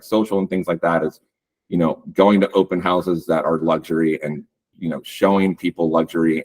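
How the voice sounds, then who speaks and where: A man giving a casual webinar talk on real estate branding, relaxed and loose with lots of ums and likes. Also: deep voice. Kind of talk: webinar presentation.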